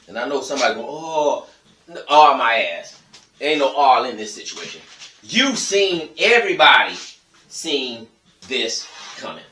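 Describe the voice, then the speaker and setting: Blunt ranting man, bright echoey voice. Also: medium pitch, distant mic, slight background noise. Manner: blunt, profane, emphatic ranting to viewers. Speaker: vlogger. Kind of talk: casual storytelling monologue.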